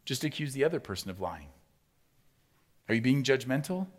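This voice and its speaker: A man preaching a sermon, talking to the congregation as if chatting with them. He asks rhetorical question after question. His delivery swings between loud, rising emphasis and quiet, low stretches. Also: sing-song, a little fast. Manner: builds to loud, rising emphasis, then drops to soft and low. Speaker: pastor.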